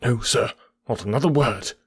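A man's voice: mid-range voice, normal speed, husky, no room sound, voice pushed up. A man voicing a stern, curt middle-aged male doctor who turns furious, with clipped, cold, formal replies. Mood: angry.

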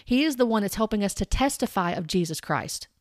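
A woman's voice: medium pitch, lively intonation, a little fast, no room sound, studio quality. A woman giving an earnest, corrective Bible commentary, citing chapter and verse and speaking straight to her viewers. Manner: addresses viewers directly. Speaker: Christian commentator.

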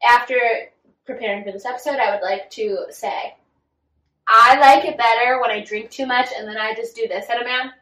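A young woman co-hosts a podcast, chatting casually as she recaps gossip and acts out quotes. Her voice is on the high side and a bit bright at a moderate pace, recorded from a distance and slightly off-mic in an echoey room.

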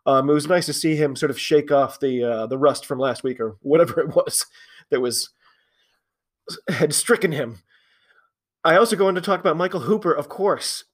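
A man hosting a solo podcast, chatty and opinionated, with frequent fillers and restarts. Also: fairly high pitch. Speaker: podcast host. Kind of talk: casual solo commentary.

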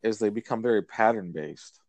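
A man talks shop about guitars and records in a loose, rambling way, full of fillers and restarts. His voice sits low. The sound is dry and close, with no room around it. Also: normal speed, darkish tone, no room sound. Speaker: podcast co-host. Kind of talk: casual chat about records.

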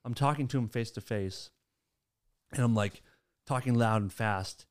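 A man hosting a casual chat, telling stories in an animated way and laughing between sentences. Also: mid-range voice, a little slow. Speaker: podcast host.

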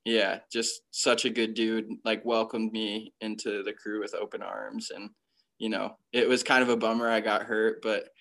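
A man's voice: on the low side, little pitch movement, normal speed, vocal fry, fairly bright tone. A young man from Connecticut telling stories about his career in a casual interview, full of slang and filler words. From Connecticut, USA. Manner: laid-back slang, constant "like" fillers. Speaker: professional freeskier, interview guest.

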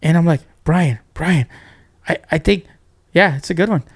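A man with a fairly high, creaky voice talks fast as a guest on a podcast. He tells fishing stories in a casual, animated way, acting out quotes and restarting himself often.

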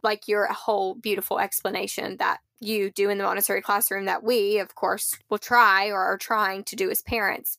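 A woman with a gravelly, creaky voice reflects aloud in a flat, even tone. She sounds like a parent thinking things over during a podcast chat, recorded dry and close. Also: mid-range voice, dry recording. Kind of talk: casual podcast discussion.

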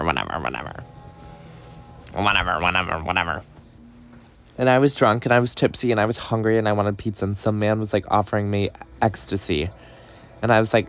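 A young man telling a story in a casual, gossipy way, swearing and dramatic. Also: fairly low pitch. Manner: gossipy, profane, dramatic retelling. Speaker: podcast host.

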